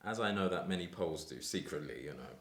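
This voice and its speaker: A man speaking as an interviewee in a measured, reflective way, often adding "you know". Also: a bass voice, expressive, roomy sound. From United Kingdom. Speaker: interviewee, film writer. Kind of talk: casual chat.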